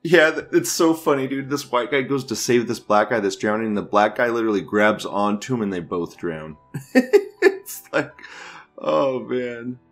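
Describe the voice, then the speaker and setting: This podcast host speaks at normal speed in a lowish, fairly bright voice, with soft music playing underneath. Reacting to videos, he offers crude, profane, casual commentary and laughs a lot.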